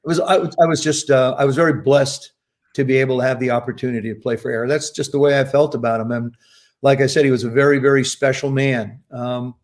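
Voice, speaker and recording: A man's voice: medium pitch, fast talker. A man in his seventies from New Jersey, a podcast guest telling long anecdotes and acting out the people he quotes. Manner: anecdotal, acts out quoted voices with lively emphasis. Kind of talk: casual storytelling interview.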